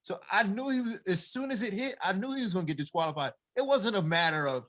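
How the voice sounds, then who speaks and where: Animated, heated man ranting. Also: high-pitched, quick pace, hardly any pauses. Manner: heated, emphatic, laughs when fired up. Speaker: MMA coach, podcast guest. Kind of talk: casual podcast chat.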